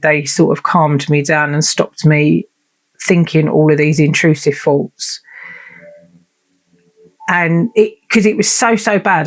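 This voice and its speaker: Candid woman telling her story. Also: deep voice. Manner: candid and unfiltered, swears, acts out remembered conversations. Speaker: vlogger. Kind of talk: personal storytelling monologue.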